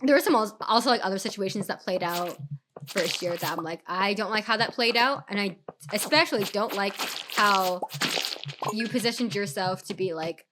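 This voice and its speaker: A young woman streaming a game and chatting casually, full of fillers, her voice rough from recovering from an illness. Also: mid-range voice, brisk, heavy background noise. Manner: chatty, many fillers, animated retelling. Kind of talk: casual storytime while gaming.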